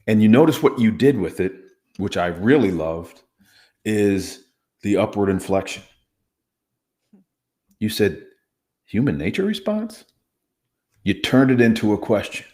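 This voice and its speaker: A man's voice: on the low side, measured pace, pauses often, a little mellow. A man, a former hostage negotiator, explaining communication skills in an emphatic, instructive way during an interview. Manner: emphatic, instructive, demonstrates inflections. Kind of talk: conversational teaching interview.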